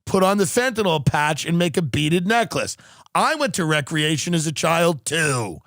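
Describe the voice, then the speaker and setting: A man on a podcast delivering a sardonic comic rant, pausing with fillers. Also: fairly high pitch, sing-song, a bit bright, dry recording, clean studio sound. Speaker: comedian on a podcast.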